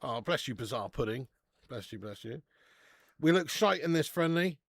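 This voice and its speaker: A man's voice: medium pitch, expressive, moderate pace, vocal fry, fairly bright tone, breathy edge, no echo. A man hosting a live football watch-along, reading out viewer messages and bantering with plenty of swearing and laughter. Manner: reads out viewer super chats.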